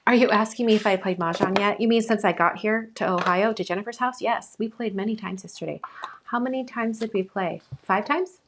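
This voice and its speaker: A woman's voice: mid-range voice, brisk. Brief: woman host, live crafting demo, upbeat running narration, hiccups, noisy recording with clicks. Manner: chatty, upbeat, narrates her hands. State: has the hiccups.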